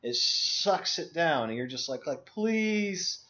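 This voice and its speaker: A man's voice: mid-range voice, a little slow, pushed and bright. A young man in casual conversation over a voice call, ranting bluntly and with lots of profanity. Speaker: discussion co-host. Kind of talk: casual Skype chat. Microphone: video call. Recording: dull lo-fi voice call audio.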